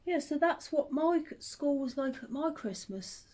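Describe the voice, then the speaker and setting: A woman talks casually to her camera, her voice sitting a little on the high side. She tells stories in a chatty, reminiscing way. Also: expressive, normal speed, darkish tone, slight background noise. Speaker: vlogger.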